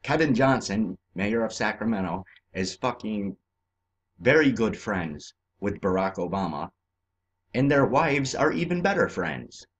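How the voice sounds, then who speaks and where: A man from California ranting in a profane, agitated way over on-screen maps, swinging between shouting and muttering. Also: lowish voice, sing-song, a little slow, breathy edge. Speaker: vlogger.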